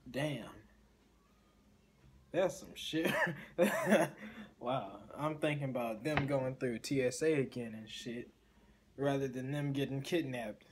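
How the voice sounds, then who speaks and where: A man's voice: medium pitch, measured pace, a little hiss or hum. Blunt, swearing man reacting casually. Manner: blunt, profane, rambling asides. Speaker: reaction video host.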